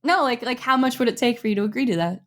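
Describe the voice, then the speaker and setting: A young woman co-hosting a podcast, telling stories in a casual, animated way and acting out the people she quotes. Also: a little high, fast talker. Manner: chatty, animated storytelling with quoted asides. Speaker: podcast co-host. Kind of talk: casual chat.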